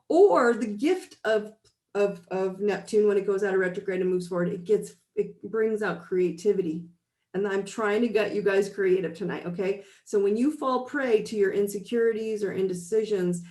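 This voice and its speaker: Emphatic woman coach in an echoey room. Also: medium pitch. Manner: emphatic, blunt, animated. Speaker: life coach. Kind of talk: live-stream motivational talk.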